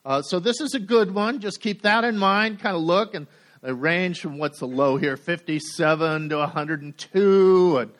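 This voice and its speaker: Middle-aged man presenting to a room, slightly higher voice, hesitant with lots of ums, dry wit. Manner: halting, many fillers, dry humor. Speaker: conference speaker. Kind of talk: technical presentation.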